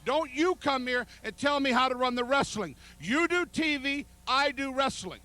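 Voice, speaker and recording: A man's voice: extremely high pitch, expressive, normal speed, pushed and bright. A man, a wrestling promoter hosting a TV segment in a folksy, stubborn, hard-selling way.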